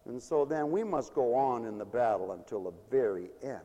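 A man preaching a sermon in a mission hall, emphatic, swinging between loud declarations and hushed asides. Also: medium pitch, lively intonation, normal speed.

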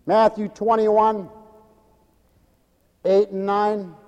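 A man preaching a sermon with dramatic swings from loud exclamations to hushed asides. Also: high-pitched, level tone, extremely slow, dull audio. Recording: long echoing reverb of a large hall.

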